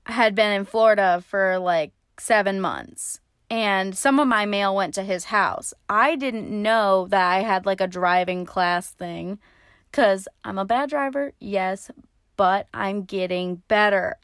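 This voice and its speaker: A woman's voice: mid-range voice, takes it slowly, fairly bright tone, smooth, no echo, clean studio sound. A young woman casually telling a story in a chatty, sarcastic way, swearing freely. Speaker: vlogger.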